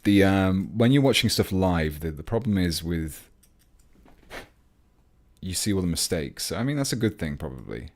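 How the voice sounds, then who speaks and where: An English man with a very low voice chats through a livestream at his workbench. He rambles easily as he works, breaking off to greet viewers and answer their comments. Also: sing-song, moderate pace. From England. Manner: chatty, rambling, reads chat aloud mid-task. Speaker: hobby livestream host. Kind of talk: casual livestream chat while building models.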